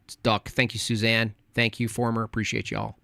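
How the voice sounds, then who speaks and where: A man's voice: fairly low pitch, completely flat delivery, moderate pace, vocal fry, fairly bright tone, dry recording. Sarcastic male streamer mocking his chat. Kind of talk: casual live-stream chat.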